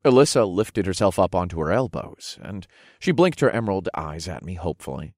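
A man narrating a first-person audiobook story in a slow, deliberate way. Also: low voice, sing-song, darkish tone, no room sound, studio quality.

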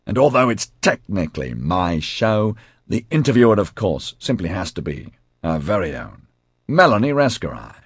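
A man's voice: deep voice, big pitch swings, normal speed, slightly rough, no room sound, clean studio sound, exaggerated voice. A man playing a showy TV host. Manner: showman-like, grandiose. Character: showy male TV show host.

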